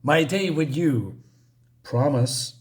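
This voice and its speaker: A man's voice: fairly high pitch, expressive, takes it slowly. A man reading out the threatening lines of a grim masked male vigilante from a comic, with mild emphasis.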